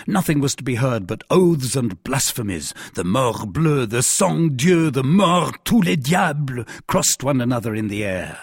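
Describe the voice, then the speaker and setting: A man narrating a classic novel in an expressive, theatrical audiobook reading. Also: mid-range voice, slightly rough, no room sound, clean studio sound. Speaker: audiobook reader.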